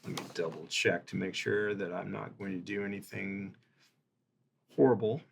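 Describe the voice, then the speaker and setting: Storyteller, male, lowish voice, measured narration and questions, faint background noise. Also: steady tone, gravelly. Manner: measured, asks players questions. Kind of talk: narrating a tabletop role-playing game.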